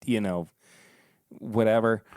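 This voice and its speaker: A man hosting a podcast in casual, joking chat, rambling and halting. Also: on the low side, steady tone, darkish tone, dry recording, studio quality. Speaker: podcast host.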